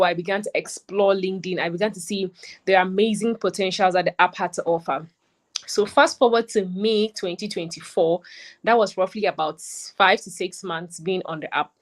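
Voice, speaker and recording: A woman, a lead coach, hosting an online graduation ceremony on a livestream, chatty and excited, often repeating herself. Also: on the low side. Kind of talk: live-streamed ceremony hosting.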